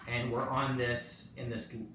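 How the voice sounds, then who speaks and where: A man cues poses in a casual live-streamed yoga class, using a mid-range, fairly bright voice with a completely flat delivery at a measured pace. Still, he's chatty and self-joking and laughs often. The room is echoey, the mic distant, with faint noise.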